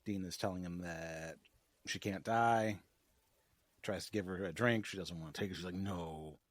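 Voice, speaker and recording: A man's voice: low-pitched, moderate pace, dry recording. A man co-hosting a podcast, recapping an episode in casual chat with wry, teasing remarks. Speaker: podcast co-host.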